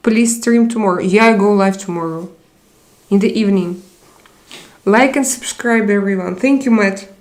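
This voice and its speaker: A woman's voice: mid-range voice, moderate pace, a little mellow. A young woman hosting a casual live chat, reading viewer comments aloud and answering them. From Russia. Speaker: live stream host.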